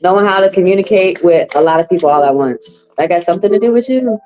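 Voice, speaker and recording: A woman reading cards on a home livestream, loose and profane. Her pitch sits in a middle range but leaps high when she reacts. Faint music plays behind her. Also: fast talker, darkish tone, poor audio. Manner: loose, profane, chatty, talks straight to viewers. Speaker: livestream card reader. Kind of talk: casual livestream tarot reading.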